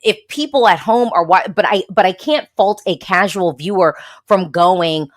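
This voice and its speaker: A woman's voice: mid-range voice, normal speed. A woman from the United States hosting a casual livestream, chatting sassily and answering viewer comments. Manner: chatty, sassy, frequent laughs and emphatic repeats. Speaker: Eurovision blogger, host.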